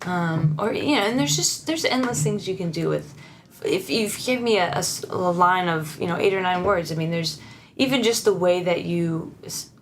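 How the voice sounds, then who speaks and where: A woman's voice: on the low side, animated, moderate pace, slight background noise. Laughing, candid woman songwriter. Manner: laughs often, warm and candid, with frequent restarts; earnest and encouraging. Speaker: songwriter guest. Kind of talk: casual interview chat.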